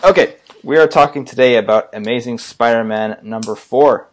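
A man's voice: medium pitch, normal speed. Laid-back joking man podcaster. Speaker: podcast co-host. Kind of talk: casual chat.

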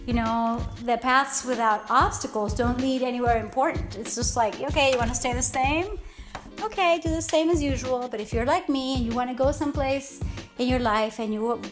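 A woman hosting a motivational podcast from home, talking off the cuff in a heartfelt, rambling, earnest way. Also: a little high. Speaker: podcast host. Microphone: podcast microphone.

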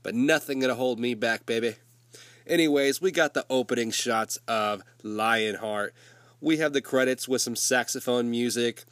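A man's voice: mid-range voice, a bit bright, no echo. Casual swearing man with a cold. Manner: loose, swearing, conversational storytelling. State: summer cold. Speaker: movie recap host. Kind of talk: casual profane movie recap.

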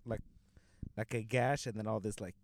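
A man's voice: on the low side, fairly even intonation, normal speed, darkish tone. A young man from Southern California telling a rambling, profanity-laced story in casual chat, full of fillers like "like" and "you know.".

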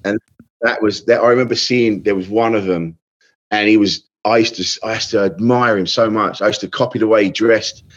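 Chatty comedian, lo-fi sound. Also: male voice, fairly low pitch, fairly even intonation, fairly quick. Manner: chatty, storytelling, self-deprecating. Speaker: comedian guest. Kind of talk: casual podcast chat.

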